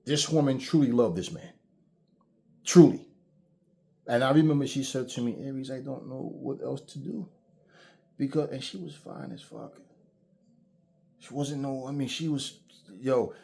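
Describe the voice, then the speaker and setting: A man's voice: mid-range voice, warm tone. A man talking straight to his own channel in a loose, ranting monologue. He is blunt and profane, preaching lessons through stories in a mid-range voice. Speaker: channel host.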